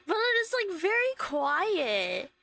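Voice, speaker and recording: A woman's voice: very high-pitched, huge pitch swings, slow, gravelly, sharp tone, low-quality recording. A woman in her twenties from Hong Kong, chatting casually on a gaming stream through a headset and rambling through stories with lots of fillers and giggles. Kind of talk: casual chat while gaming.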